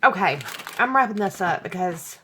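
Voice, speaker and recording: A woman's voice: medium pitch, animated, moderate pace, pushed and bright, slight background noise. A woman, hosting her crafting channel from home, gushing and apologetic and often sighing with emotion. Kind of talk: casual chat to camera. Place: home room with hardwood floor.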